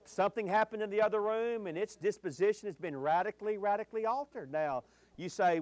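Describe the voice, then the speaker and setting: A man preaching a sermon on marriage, telling folksy stories with dramatic pauses and strong emphasis. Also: high voice, animated, darkish tone. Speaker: pastor.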